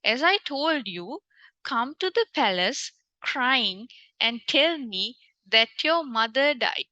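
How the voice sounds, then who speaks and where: A woman voicing a cunning grown man, a crafty jester, in slow, sing-song storybook reading. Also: sits high, very animated, pushed and bright, no echo, highs cut off, exaggerated voice. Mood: pleading.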